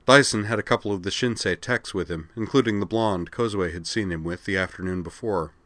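A man narrating an audiobook in a steady, even reading. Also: sits low, brisk, no room sound.

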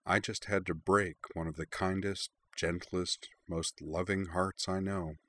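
A man voicing a kind young man who speaks quietly with a wry, gentle tone. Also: sits low, normal speed, natural voice.

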